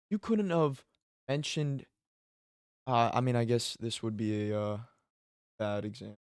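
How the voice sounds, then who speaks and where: An excitable man riffing through a fight reaction video, swearing freely and jumping into loud outbursts. His voice sits at a middle pitch and sounds dry and close, with no room around it. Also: measured pace, pauses often, clean tone, no room sound. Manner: excitable, profane, exclaiming. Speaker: MMA commentary YouTuber. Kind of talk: casual reaction commentary.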